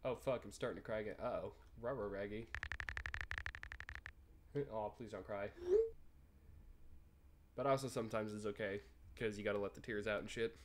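A man's voice: lowish voice, fairly even intonation, moderate pace, pauses often, noisy background. A twenty-year-old man giving casual, profanity-laced commentary on a game, reading the dialogue choices aloud. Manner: laid-back, swears freely, reads choices aloud. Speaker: gaming YouTuber.

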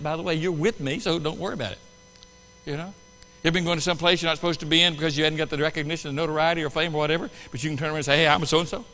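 Male pastor, high bright voice, lively sermon delivery with loud peaks, reverberant church hall. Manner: animated preaching with sudden loud bursts and quiet asides. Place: church sanctuary.

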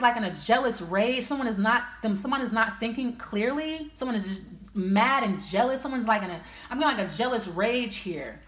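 With a fairly high and slightly bright voice, a tarot reader talks her way through a casual spread, thinking aloud at every card pull and speaking bluntly with plenty of swearing. The recording carries a roomy echo.

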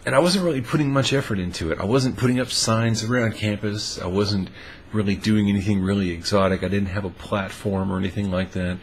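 A man casually telling a funny personal story, relaxed and amused, with frequent fillers. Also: fairly low pitch, a little fast, slight background noise. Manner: laid-back and amused, lots of "uh" fillers.

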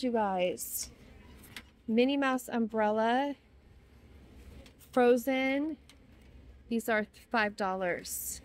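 Young woman vlogger, bubbly and excitable, talking through a shopping walk-through in a large store. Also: fairly high pitch, extremely slow, long pauses. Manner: gushing, gasping with delight. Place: inside a large retail store.

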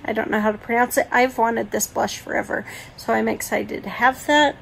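Woman beauty vlogger, slightly high voice with a gravelly edge, unhurried chatty delivery, faint room noise. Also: steady tone, low-quality recording. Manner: chatty, gushing over products. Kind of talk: casual makeup collection walkthrough.

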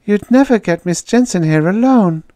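A man's voice: high-pitched, moderate pace, no room sound, voice pushed up. A man voicing a giddy, squealing young woman. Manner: squealing, excitable.

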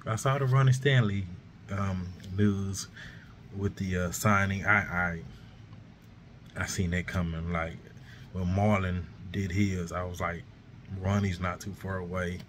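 A man with a low voice talks slowly through a casual sports vlog, baffled and asking again and again what is going on. His voice is too worn for his usual high greeting. A faint background noise sits under the recording. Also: fairly even intonation, a bit bright. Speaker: sports vlogger.

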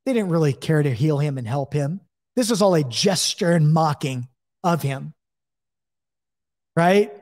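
A man's voice: fairly high pitch, animated, unhurried, pauses often, darkish tone. Male Bible teacher, conversational, reads scripture and acts out quoted voices; long reverb around him.

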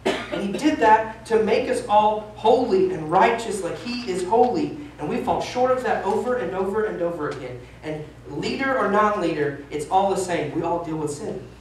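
In a high, animated voice at normal speed, a thirtysomething pastor delivers a sermon with emphatic, self-deprecating honesty. The big sanctuary makes his words ring, and the distant recording carries a faint hiss.

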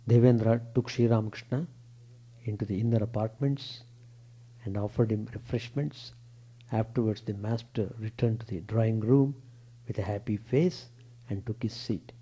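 A monk reading a scriptural account aloud in a temple lecture, measured, with rises on quoted words and a low drop on narration. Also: male voice, warm tone, husky, poor audio. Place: temple hall.

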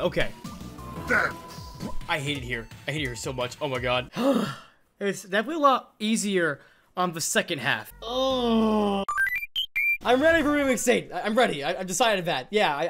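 A woman chatting through a rhythm game in casual gameplay commentary, her pitch leaping up and down as she groans and cheers. Her tone stays self-mocking and animated, with faint game music playing behind her. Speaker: gaming YouTuber.

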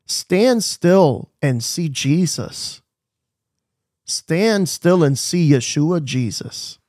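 A man's voice: fairly high pitch, animated, very slow, a little mellow, no echo, clean studio sound. A man preaching a devotional sermon, asking the listeners questions and repeating his key phrases with emphasis.

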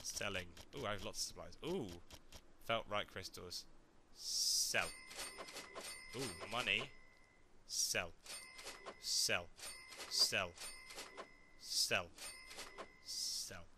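A young man chatting through a video game playthrough in a jokey, excitable way. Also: fairly low pitch, a little hiss or hum. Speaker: let's play gamer. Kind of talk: casual game commentary.

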